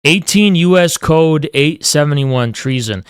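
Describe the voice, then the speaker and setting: A livestream host, a man with a smooth, animated voice on the high side, rants at a measured pace. He swears a lot and throws in mock-grandiose taunts, and the clean studio sound has no room sound.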